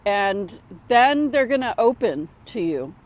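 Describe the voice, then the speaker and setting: A woman's voice: a little high, sing-song, slow. A middle-aged woman, a spiritual mentor, talking casually and upbeat outdoors at sunset, repeating phrases for emphasis. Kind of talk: casual motivational talk to camera.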